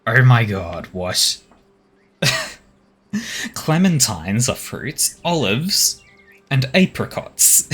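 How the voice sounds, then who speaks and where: A streamer playing a game and musing aloud, with frequent chuckles. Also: male voice, mid-range voice, very animated, very slow, long pauses, fairly bright tone, husky. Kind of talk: casual game commentary.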